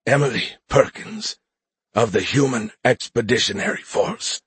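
A man voicing a dying male alien ship commander who speaks in a weak, breathy, halting way. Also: mid-range voice, big pitch swings, a bit bright, no echo, pitched above the performer's own voice, exaggerated voice. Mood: formal.

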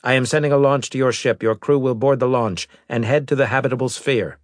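A man's voice: medium pitch, fairly quick, no echo, studio quality, pitched above the performer's own voice, lightly acted. A man voicing a rigid alien robot that speaks in a stiff, formal, insistent way. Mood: demanding.

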